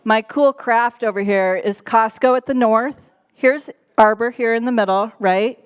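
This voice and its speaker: A woman's voice: on the high side, measured pace, clear, resonant tone. A woman on a church's staff giving a casual, playful sermon to a live congregation, chatty and laughing often. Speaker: church staff member preaching.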